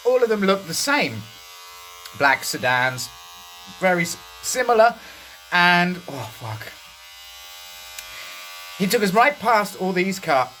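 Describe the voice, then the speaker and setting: A British man casually telling a funny story from his youth while his head is shaved, relaxed and swearing freely. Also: slight background noise. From Britain. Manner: slow, laid-back, swears freely; puts on a high voice when quoting others. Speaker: host.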